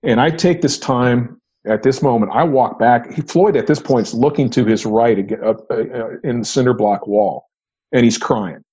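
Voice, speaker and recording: A man's voice: mid-range voice, normal speed, darkish tone, slightly rough. A middle-aged man, a retired federal agent, recounting an old case in conversation, often restarting and repeating words. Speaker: retired FBI agent, podcast guest.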